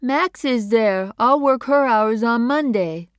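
Narrator doing a slow, high, stubborn young woman. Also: clean tone, no echo, clean studio sound, close to an everyday voice. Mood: plain. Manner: slow, high, simple and plain-spoken. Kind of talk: audiobook character voice.

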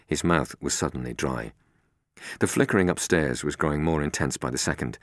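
A man's voice: a bass voice, a little fast, dry recording, clean studio sound. A man narrating a storybook, in a tense, suspenseful reading.

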